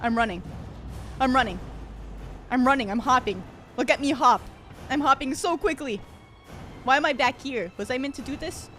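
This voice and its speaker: A young woman streaming a video game live, excitable, shrieking and yelling when things get tense. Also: sits high, normal speed, long pauses. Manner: excitable, shrieks and yells under pressure. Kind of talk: live gameplay commentary. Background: game music.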